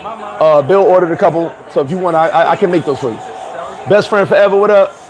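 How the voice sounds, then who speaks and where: A man hosting a casual livestream, laughing often, talking in slang and giving shout-outs to viewers. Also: on the high side, fairly quick, poor audio. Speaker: livestream host. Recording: crowd chatter behind.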